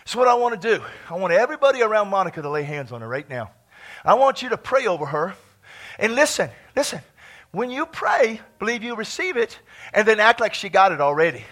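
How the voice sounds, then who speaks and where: A man preaching a charismatic sermon in a church, exuberant, bursting into shouts and laughter between calmer teaching. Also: high voice. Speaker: pastor.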